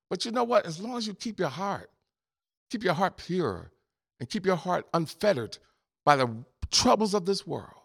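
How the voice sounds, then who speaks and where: Male pastor, fervent rhythmic sermon, slightly high voice with a gravelly edge. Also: a bit bright. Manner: fervent, rhythmic preaching with repetitions and chuckles. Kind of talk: sermon and closing prayer.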